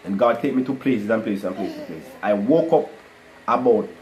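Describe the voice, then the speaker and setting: A man telling a personal testimony to a live online audience, animated and full of "guys" and "you know". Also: fairly low pitch, moderate pace, highs cut off, slight background noise. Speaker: livestream host telling his testimony.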